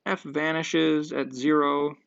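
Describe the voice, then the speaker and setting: A gravelly math professor with a voice on the high side speaks slowly in a level tone, fairly bright and clean, with no room sound. He works through a proof at the board step by step, thinking aloud and using fillers now and then. The audio is dull, lo-fi and dry.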